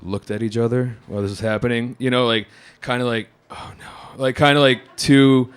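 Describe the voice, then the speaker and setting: A man's voice: medium pitch, steady tone, brisk, clean tone. A man telling a comic story in a casual way, swearing and acting out other people's lines.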